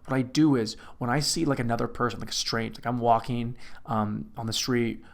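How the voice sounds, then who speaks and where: A man's voice: mid-range voice, fairly even intonation, brisk, gravelly. A young man hosting a casual comedic monologue, rambling and poking fun at himself. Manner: rambling, self-mocking, trails off and restarts. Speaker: host.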